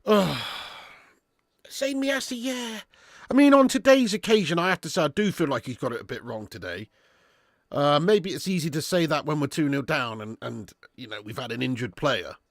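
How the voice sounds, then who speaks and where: A man hosting a live football watch-along, sweary and bantering, swinging into excitable commentary. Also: a little high, gravelly, dry recording, clean studio sound. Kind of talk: live match commentary and chat.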